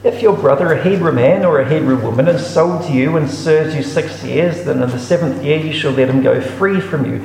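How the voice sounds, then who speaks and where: A man's voice: a little high, a little fast, gravelly, hardly any pauses, darkish tone, a little hiss or hum. A man reading Bible passages aloud and explaining them in a reflective teaching manner. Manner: reads scripture aloud then explains it, reflective. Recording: echoey room with long reverb.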